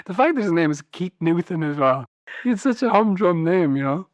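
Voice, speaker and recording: A man's voice: high-pitched, expressive, fairly quick, no room sound. A man co-hosting a podcast in casual chat, amused and often laughing as he teases his co-host with questions.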